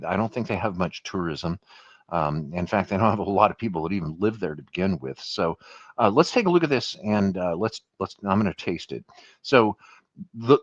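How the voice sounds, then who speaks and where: A man's voice: fairly low pitch, dry recording. Chatty man reviewing food, rambling. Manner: rambling, many fillers and restarts. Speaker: food tasting video host. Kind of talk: casual review monologue. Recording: dull lo-fi, dry sound.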